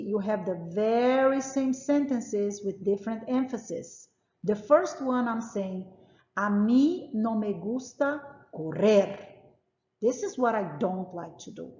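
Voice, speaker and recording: A woman's voice: on the high side, a little mellow. Patient woman teaching in an echoey room. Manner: patient, emphatic, repeats examples. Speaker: Spanish teacher. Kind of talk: classroom lesson explaining grammar. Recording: roomy, echoey, dull lo-fi sound.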